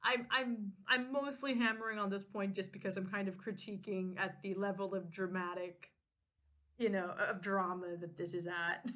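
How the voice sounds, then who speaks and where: A woman co-host reading a novel aloud and joking about it, animated and quick to laugh. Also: mid-range voice. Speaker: podcast co-host.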